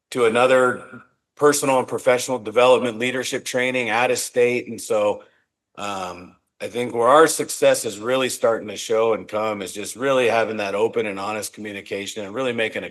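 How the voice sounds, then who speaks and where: A man being interviewed on a podcast as a company executive, speaking in an earnest, reflective way and often restarting his words. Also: lowish voice. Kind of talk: casual interview talk.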